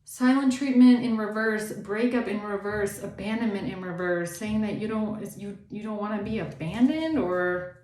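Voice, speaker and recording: A woman's voice: mid-range voice, moderate pace, darkish tone, reverberant. A woman tarot reader giving a blunt, indignant reading and swearing freely.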